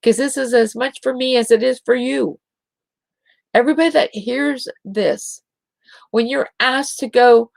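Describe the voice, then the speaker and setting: A middle-aged woman with a gravelly edge to her voice talks in an unhurried, drawn-out way, gently encouraging her listeners. The sound is close and dry, with no room around it. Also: medium pitch, dry recording. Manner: gentle, encouraging, drawn-out delivery with soft giggles. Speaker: spiritual show host. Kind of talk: slow inspirational talk to listeners.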